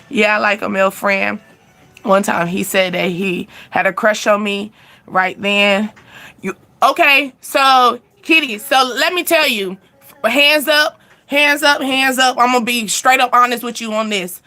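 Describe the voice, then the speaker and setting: A woman's voice: sits high, unhurried, bright, forceful tone. A young woman hosting a casual live stream, speaking candidly and laughing often as she answers viewers' questions.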